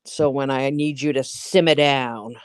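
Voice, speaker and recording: A woman's voice: rumbling low, steady tone, a little slow, clear, resonant tone, no echo, studio quality. A woman co-hosting a casual live-stream chat, teasing and laughing over an online call setup. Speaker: guest co-host.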